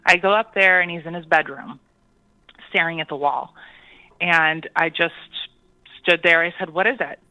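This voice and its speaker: A caller telling a personal ghost story on a call-in show, hesitant, with many pauses and ums. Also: medium pitch, fairly even intonation, pushed and bright, clear, resonant tone, dry recording, poor audio.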